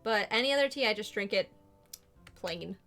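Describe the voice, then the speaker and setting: A woman's voice: mid-range voice, animated, moderate pace, soft background music. A bubbly young woman streaming a game, chatting and giggling with her viewers. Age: young adult. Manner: bubbly, greets chat warmly, giggly. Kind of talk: casual live-stream chat.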